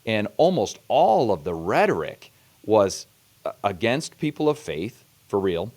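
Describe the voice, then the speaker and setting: A man hosting an interview, talking in a measured, serious way. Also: fairly low pitch, very animated, a little mellow. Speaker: host. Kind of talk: earnest interview conversation.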